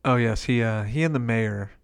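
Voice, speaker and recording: A man's voice: medium pitch, moderate pace, vocal fry, clear, resonant tone. A man chatting casually about a movie on a podcast, dryly recounting scenes and quoting lines. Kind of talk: casual movie review chat.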